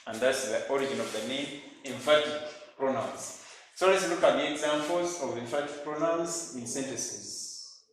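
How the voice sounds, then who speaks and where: A Ugandan man teaching an English grammar lesson, speaking slowly and emphatically and repeating each example sentence. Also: mid-range voice. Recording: very echoey room, faint noise.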